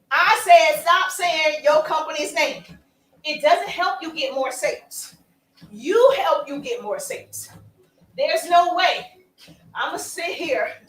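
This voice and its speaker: A woman coaching on social media marketing, talking playfully and with emphasis as she walks along. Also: high voice. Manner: animated, playful and emphatic, with asides and laughs. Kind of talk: energetic coaching talk to camera. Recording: roomy sound, voice from a distance.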